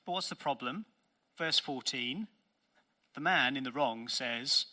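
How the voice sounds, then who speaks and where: A man's voice: mid-range voice, measured pace, pauses often, bright, forceful tone. A man preaching a sermon as pastor, earnest and emphatic, posing rhetorical questions to his congregation.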